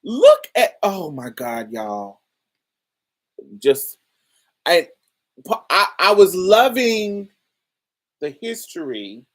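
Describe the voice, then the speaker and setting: A woman's voice: fairly low pitch, sing-song, very slow, pauses often. A woman podcast host giving casual review commentary, talking in slang with exasperated asides.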